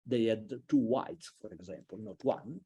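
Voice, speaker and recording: A man giving an online university lecture, halting and thinking aloud with many fillers and restarts. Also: lowish voice, warm tone, slightly rough. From Italy. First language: a regional language between France and Italy.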